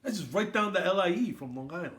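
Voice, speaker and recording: A man's voice: high-pitched, expressive, fast talker, fairly bright tone. Jokey man toasting on a podcast. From Queens, New York. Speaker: podcast host. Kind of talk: casual sports chat.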